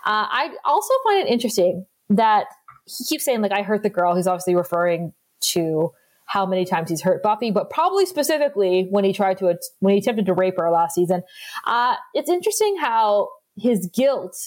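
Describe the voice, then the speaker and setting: A woman in casual conversation on a podcast, pitched in the middle of the range. She walks through scenes with plenty of quoted lines and frequent laughter. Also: sing-song, normal speed. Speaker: podcast co-host. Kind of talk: casual recap chat.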